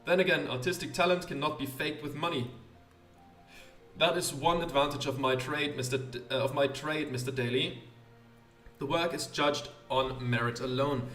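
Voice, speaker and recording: A refined one-eyed lady portrait painter, voiced by a man raising his voice, speaking in a genteel, formal and faintly flirtatious way. Her voice sits high and carries a roomy echo, as if the mic were some distance off. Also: fairly even intonation, moderate pace, fairly bright tone, faint music behind, natural voice. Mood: composed.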